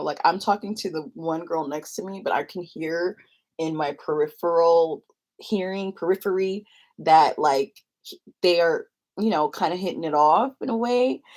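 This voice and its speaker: A young woman vlogger spins a casual storytime, wandering through tangents and giggling readily. Her voice sits a little low for a woman, relaxed and conversational.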